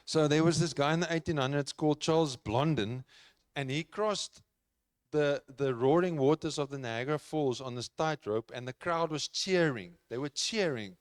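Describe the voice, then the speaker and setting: A man's voice: fairly high pitch, normal speed, clean tone, no echo, studio quality. A man preaching a sermon in an earnest, conversational way, repeating key phrases for emphasis. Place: church.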